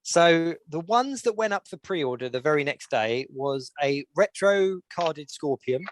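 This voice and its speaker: A man runs through the week's news in relaxed podcast chat, pausing often on "um". His voice sits a bit high. The sound is dry and close. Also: dry recording. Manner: chatty, with many "um"s and recaps. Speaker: podcast co-host. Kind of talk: casual chat.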